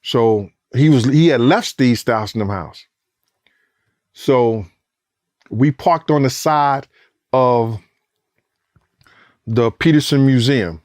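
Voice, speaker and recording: A man recounting events as a former bodyguard in an animated, profane interview, acting out voices and sounds. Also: mid-range voice, slow pace, pauses often, no echo, clean studio sound. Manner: profane, acts out quotes and sounds, rising excitement.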